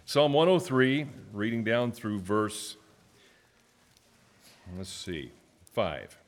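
A man preaching as a guest, halting with fillers and restarts, then reading scripture in loud, stressed phrases for the church to repeat. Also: lowish voice, big pitch swings. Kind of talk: sermon with call-and-response reading.

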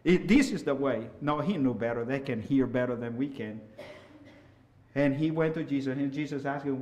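A middle-aged man preaching a sermon, swinging from loud, impassioned hollering down to soft, quiet asides. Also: mid-range voice, moderate pace, highs cut off.

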